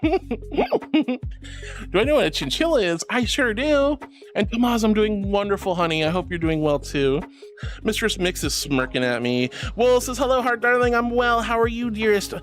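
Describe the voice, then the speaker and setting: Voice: medium pitch, normal speed, soft background music. A VTuber streamer in casual live-stream chat, gushing over viewers and calling them sweetie and honey, often breaking into giggles.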